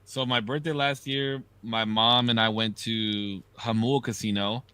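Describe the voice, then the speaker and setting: A man co-hosting a podcast, telling animated, profane stories in casual chat. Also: mid-range voice, unhurried, clear, resonant tone, no echo. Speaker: podcast co-host.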